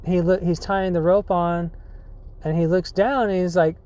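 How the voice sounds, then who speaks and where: A man's voice: high voice, steady tone, normal speed, darkish tone. A man hosting a podcast, telling a story in a rambling casual way with lots of likes, dudes and swearing, often laughing. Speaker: podcast host.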